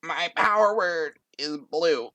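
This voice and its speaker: A man voicing a short, nerdy contestant who is close to tears and speaks slowly and hesitantly. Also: on the high side, background noise, pitched above the performer's own voice. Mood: nervous. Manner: shaky, hesitant, slow. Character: timid nerdy little man, near tears.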